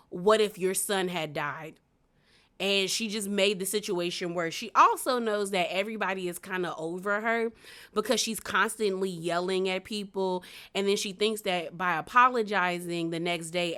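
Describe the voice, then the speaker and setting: A woman's voice: mid-range voice, fairly bright tone, clear, resonant tone. A young woman casually recapping a reality show, chatty and slangy, with lots of fillers. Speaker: recap vlogger.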